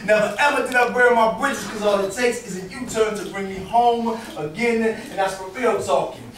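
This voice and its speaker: A man's voice: high voice, a bit bright, a little hiss or hum. A man from Boston performing rhythmic, rhyming spoken word poetry at an open mic, with dramatic emphasis. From Boston, USA. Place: performance venue with audience. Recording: echoey room, mic from far off.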